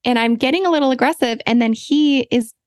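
A woman hosting a podcast, telling a personal story in a candid, animated, self-deprecating way. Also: a little high, fairly quick, no echo. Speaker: podcast host.

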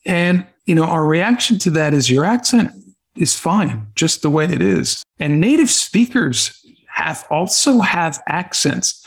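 A man hosting a podcast, asking his guest measured, earnest questions. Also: a little high, very animated, vocal fry, slightly rough. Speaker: podcast host. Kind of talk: interview questions.

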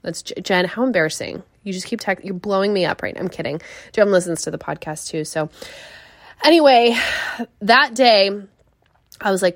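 A young woman fitness coach chatting on her podcast, telling stories in a lively, rambling way with lots of fillers. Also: mid-range voice, brisk, no room sound, clean studio sound. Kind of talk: casual solo podcast chat.

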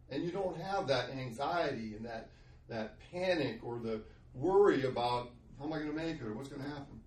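A man's voice: a little high, moderate pace, a little mellow, echoey room, distant mic. Earnest man telling a faith story. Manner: earnest storytelling, acts out quoted voices. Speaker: Christian speaker sharing testimony. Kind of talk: conversational podcast testimony.

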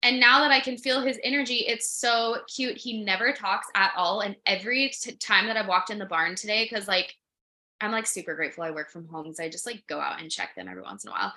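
Bright chatty woman podcast host. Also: medium pitch, brisk. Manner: animated storytelling with many likes and quoted asides. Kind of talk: casual chat. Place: her home.

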